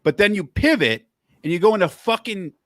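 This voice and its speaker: A man's voice: high voice, expressive, brisk, a bit bright, no room sound, studio quality. A man hosting a podcast, angrily ranting about politics and swearing heavily. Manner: angry, heavy swearing, worked up. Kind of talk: profane political rant.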